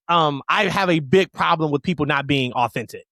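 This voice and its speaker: Man, podcast co-host, opinionated, emphatic, fairly high voice, dry close sound. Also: pushed and bright, dry recording. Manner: opinionated, emphatic, rapid tangents. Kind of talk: casual wrestling podcast chat.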